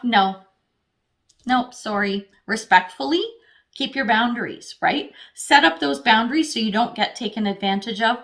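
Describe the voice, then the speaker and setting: A woman with a slightly high voice gives a casual tarot reading. She chats straight to the viewer, thinks out loud as she draws cards, and swears freely. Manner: thinks aloud while pulling cards. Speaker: tarot reader.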